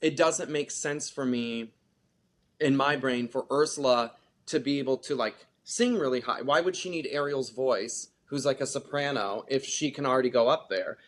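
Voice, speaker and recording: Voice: mid-range voice, normal speed, a little hiss or hum. Chatty theater actor full of "like". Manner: chatty, animated, lots of filler "like". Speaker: theater actor, podcast guest. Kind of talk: casual interview chat.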